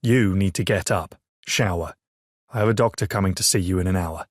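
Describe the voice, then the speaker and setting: A man's voice: sits low, a little fast, dry recording. A man voicing a firm, protective brother who chides in a dry, matter-of-fact way, read for an audiobook. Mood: chiding. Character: stern, protective adult brother.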